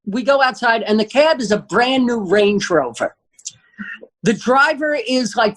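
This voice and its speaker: A man, a guest comedian telling an animated, profane story and acting out the quotes. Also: high-pitched, low-quality recording.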